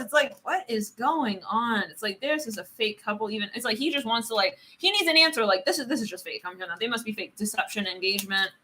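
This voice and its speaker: A woman's voice: on the high side, fast talker, hardly any pauses, pushed and bright. A woman doing a live tarot reading, rambling and giggling, filling her talk with "it's like". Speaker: tarot reader.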